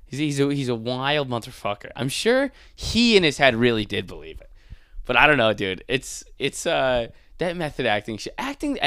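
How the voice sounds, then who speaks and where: Animated, profane comic ranting. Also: male voice, medium pitch, clear, resonant tone, no echo, studio quality. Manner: animated, profane, mocking impressions. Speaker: comedian. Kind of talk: casual comedic rant.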